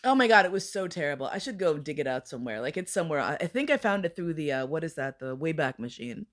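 Casting: woman, lower register, lively raconteur who swears and acts out everyone's lines. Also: fast. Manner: animated, acts out voices in quotes, swears freely. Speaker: podcast guest. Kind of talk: casual storytelling chat.

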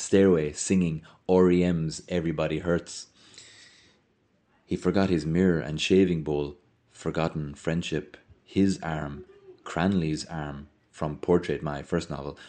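A man with a very deep voice reads a literary story aloud. His delivery is slow and measured, with a solemn, dramatic tone suited to an epic. The reading has a formal, storytelling weight. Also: steady tone, warm tone. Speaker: reader.

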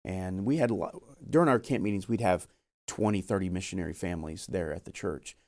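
A man's voice: sits low, a little fast, a little mellow. A young man telling his story of being called to missions in an earnest, storytelling way. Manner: earnest, storytelling with acted quotes. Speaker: missionary guest. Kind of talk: testimony in interview.

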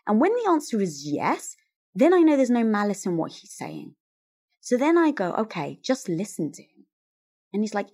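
A woman's voice: medium pitch, normal speed, breathy edge. A woman who is a guest author in an interview conversation, telling stories animatedly and acting out quoted lines. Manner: animated storyteller, acts out quotes.

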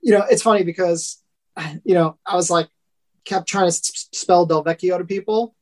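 A man with a thick New York accent, a podcast guest telling stories in a halting way, often restarting and laughing. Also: sits high, steady tone. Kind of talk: casual interview chat.

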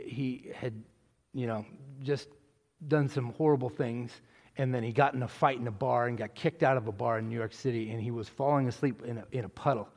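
Rambling pastor in an echoing hall. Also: male voice, mid-range voice. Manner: rambling with restarts, building to loud preaching. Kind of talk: testimony answering a question, church talk. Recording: long hall reverb.

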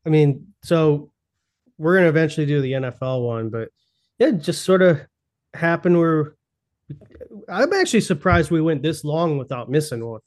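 A man's voice: fairly high pitch, lively intonation, moderate pace, a little mellow. A young man co-hosting a podcast, trading sarcastic, profane jokes in casual chat. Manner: sarcastic, joking, swears often. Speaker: podcast co-host.

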